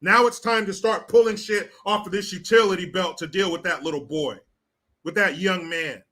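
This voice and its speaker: A man's voice: high voice, normal speed, bright, forceful tone. A man delivering blunt, profane, indignant commentary to the camera. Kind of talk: ranting commentary.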